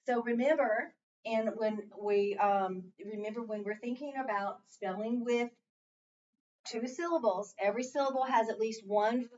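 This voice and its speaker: A woman's voice: fairly high pitch, normal speed, darkish tone, a little hiss or hum. A woman teacher runs a phonics lesson and keeps prompting students with fill-in questions. Her voice is distant, picked up from across a classroom. The sound is dull and muffled.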